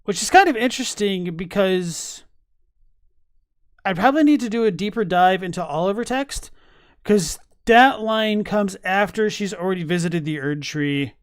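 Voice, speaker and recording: Reading chat messages during a live stream, a man reacting to game lore thinks aloud casually, stumbling through many fillers and restarts. His high voice is smooth and moderately paced, with clean studio sound and no room echo.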